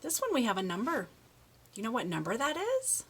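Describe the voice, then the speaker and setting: A middle-aged woman leading a speech lesson for young children, modeling words slowly with exaggerated endings and steady encouragement. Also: a little high, a little hiss or hum. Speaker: speech therapist.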